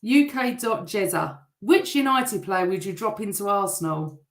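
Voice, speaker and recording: A middle-aged woman hosting a live football fan show, chatting and reading out viewer comments, her voice a bit rough. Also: medium pitch, moderate pace. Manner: chatty, warm toward viewers, teasing. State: voice still rough from shouting. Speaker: host. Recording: echoey room.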